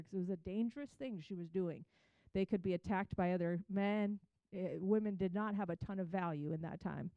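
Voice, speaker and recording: A woman's voice: mid-range voice, normal speed, dark tone, smooth, dry recording, lo-fi sound. A woman giving a chatty, conversational Bible teaching, retelling scripture in her own words.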